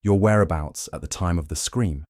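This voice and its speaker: A man voicing a gentle, precise detective. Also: low-pitched, moderate pace, no room sound, studio quality, lightly acted. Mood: probing. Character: brilliant fastidious older male detective.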